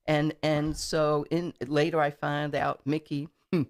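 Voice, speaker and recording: With a low-pitched, flat, unhurried delivery, a middle-aged woman guest recounts a story during a studio interview. She's a political candidate, and her chatty telling is peppered with fillers and repeated words.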